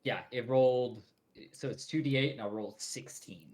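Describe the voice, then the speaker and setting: A man's voice: medium pitch, normal speed. A man running a tabletop game as dungeon master, calling out rolls and narrating the results casually. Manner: casual, chuckling, relaxed narration of dice results.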